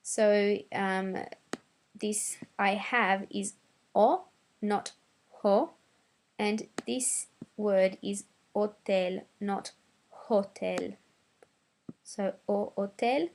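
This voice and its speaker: A woman teaching Italian pronunciation, saying each word carefully and contrasting right and wrong versions, with frequent "um" pauses. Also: medium pitch, fairly even intonation, slight background noise. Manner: deliberate, repeats words in contrast, frequent "um" fillers. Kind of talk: slow pronunciation lesson.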